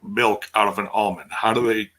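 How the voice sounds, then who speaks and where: A man's voice: fairly low pitch, fairly even intonation, moderate pace, bright, forceful tone. A man from Wisconsin co-hosting a casual podcast stream, hesitant and stammering, with a wry humor. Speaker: podcast co-host. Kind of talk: casual live-stream chat.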